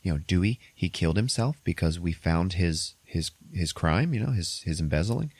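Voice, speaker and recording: A hesitant female coworker asks her questions haltingly, as a man puts her on, with barely any change from his own low voice. The sound is dry. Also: animated, a little mellow, breathy edge, dry recording, exaggerated voice. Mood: unsure. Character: hesitant young woman coworker.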